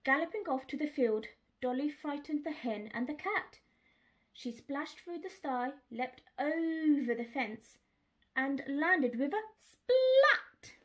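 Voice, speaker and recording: A woman reading a children's picture book aloud, expressive and speaking to young listeners. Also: sits high, takes it slowly. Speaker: storyteller.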